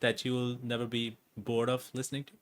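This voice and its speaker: A man's voice: mid-range voice, monotone, a little fast. A man hosting an interview, asking questions hesitantly with plenty of likes and restarts. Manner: hesitant, full of fillers and restarts. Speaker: interview host.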